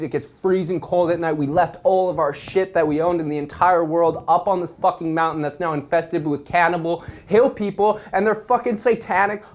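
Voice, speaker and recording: A young man telling a wild story in a casual, animated way, swearing constantly. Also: sits high.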